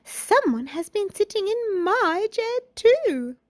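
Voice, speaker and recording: A woman's voice: very high-pitched, big pitch swings, slow pace, dry recording, pitched above the performer's own voice, full character voice. A woman voicing a middle-sized mother bear in a storybook reading, in a raised, indignant voice.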